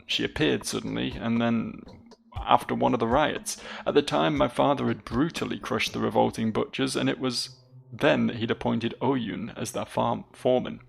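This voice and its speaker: A man with a gravelly voice voicing a young nobleman's son in a video game, an anxious, brooding character, read in an earnest, dramatic way with high lifts. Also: steady tone, moderate pace.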